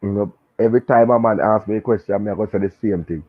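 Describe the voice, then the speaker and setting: A man with a Jamaican accent chatting casually about football, animated and full of patois banter. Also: lowish voice, quick pace. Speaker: show guest and pundit. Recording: tinny phone line.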